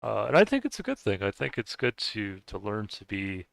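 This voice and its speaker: A man's voice: on the low side, big pitch swings, moderate pace, vocal fry, a bit bright, no echo. An American man with a Scottish-sounding accent, chatting casually and rambling hesitantly while streaming a game, laughing often. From United States. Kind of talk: casual chat while gaming.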